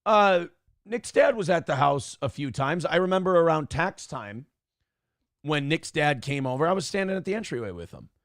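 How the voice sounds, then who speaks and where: Male morning show host with a slightly high voice, dry close recording, rambling and swearing as he tells a story. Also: lively intonation, normal speed, fairly bright tone, no echo. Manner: profane, rambling, acts out quotes in other voices. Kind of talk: casual storytelling monologue.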